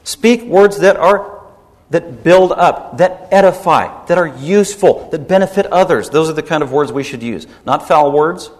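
Middle-aged guy preaching, pitch a bit up, gets fired up on key words, big echoey church hall. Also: moderate pace. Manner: animated, rising into emphatic peaks. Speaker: pastor. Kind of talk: sermon. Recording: long hall reverb.

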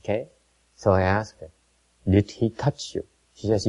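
A man giving a Buddhist dharma talk, telling a story in a halting way with many repeated words and switches between two languages. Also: lowish voice, fairly even intonation, gravelly, dark tone. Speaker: Buddhist teacher. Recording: dull lo-fi recording.

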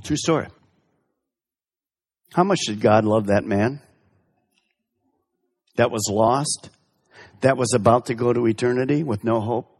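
A man's voice: medium pitch, a little slow, pauses often, a little mellow, husky, long reverb tail. A male pastor preaching a sermon with emphatic delivery, asking the congregation direct questions.

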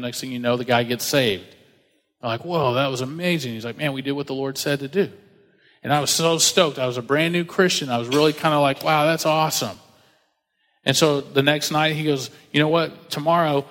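Storytelling male pastor in a reverberant hall. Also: mid-range voice. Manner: casual, animated storytelling with acted-out quotes and slang. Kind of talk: sermon with personal storytelling.

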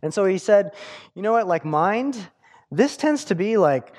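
A male pastor preaching with a slightly raised pitch. He talks conversationally, stumbling through fillers and restarts as he explains his points. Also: big pitch swings, unhurried, darkish tone. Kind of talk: sermon.

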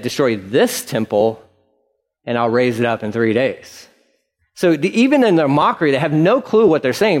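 A male pastor teaching verse by verse, casual and animated, often acting out the mocking voices in the text. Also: fairly high pitch. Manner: animated, acts out mocking voices, conversational asides. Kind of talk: verse-by-verse sermon.

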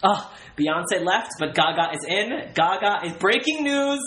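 A man's voice: a little high, unhurried, a bit bright. A young man co-hosting a podcast in casual chat, gossipy and swearing, often acting out quotes. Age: young adult. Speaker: podcast co-host. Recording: roomy room with faint noise.

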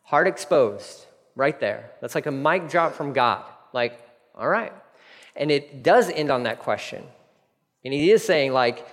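A man preaching a sermon as a pastor, animated and conversational. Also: mid-range voice, a little slow. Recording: long hall reverb.

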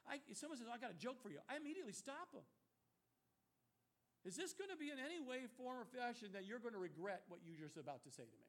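A middle-aged man preaching a sermon as pastor, emphatic, swinging from loud rhetorical questions to hushed warnings. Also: very high voice, sing-song, fast talker.

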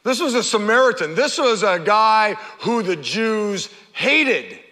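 A man preaching a sermon, telling the story with animated energy and acting out the characters' shouts. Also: high-pitched, slow pace, long reverb tail. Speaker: pastor.

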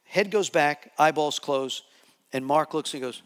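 Male preacher, higher voice, animated testimony, reverberant hall sound. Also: unhurried. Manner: animated, repetitive storytelling with restarts. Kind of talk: sermon testimony storytelling.

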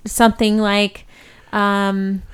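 A woman co-hosting a casual podcast, retelling scenes in an animated way and acting out the characters. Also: mid-range voice, slow pace, clean tone. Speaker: podcast co-host. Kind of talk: casual chat.

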